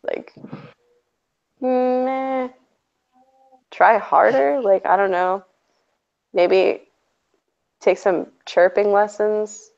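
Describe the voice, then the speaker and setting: A woman's voice: mid-range voice, steady tone, very slow, creaky, pauses often, a little mellow. A woman hosting a stream in casual chat, sarcastic and chatty, laughing often. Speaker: stream host. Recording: dull lo-fi audio.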